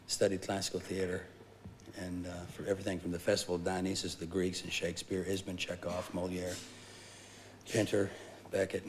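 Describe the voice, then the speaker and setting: This is a man in his forties, a guest on a television talk show. He tells a long story with lively energy and laughs his way through it. His voice sits slightly low for a man. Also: a little fast, a little hiss or hum. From Texas, USA.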